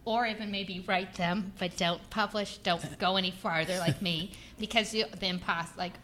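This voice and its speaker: Bright-voiced encouraging woman host. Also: lowish voice, steady tone, normal speed, slight background noise. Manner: encouraging, supportive remarks. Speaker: podcast host. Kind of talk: conversational interview.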